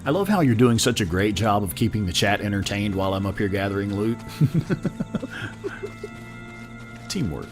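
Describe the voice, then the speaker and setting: Laid-back Texan man with a lively pitch. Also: unhurried, pauses often, music in the background. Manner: laid-back, teasing, laughs often. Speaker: streamer playing a game. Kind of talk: casual game-stream chat.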